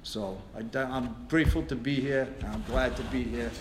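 A middle-aged man tells his recovery story in a blunt, profane way, often stopping and restarting his sentences. His voice carries through a roomy meeting hall with steady noise behind it. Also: mid-range voice, moderate pace. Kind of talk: personal recovery share. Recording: echoey room with background noise.

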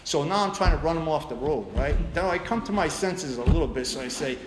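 A man's voice: on the high side, expressive, a little fast, a crowd in the background. Blunt man in an echoey hall. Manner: blunt, profane storytelling with many restarts. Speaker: recovery meeting speaker. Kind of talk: personal recovery share. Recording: echoey room with background noise.

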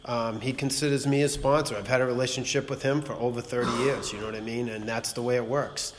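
A man's voice: medium pitch, fairly even intonation, fast. Blunt man in an echoing hall. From Massachusetts. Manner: blunt, profane, rambling, repeats "you know what I mean". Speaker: speaker at a recovery meeting. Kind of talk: personal testimony to a group. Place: meeting room. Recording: long hall reverb, faint noise.

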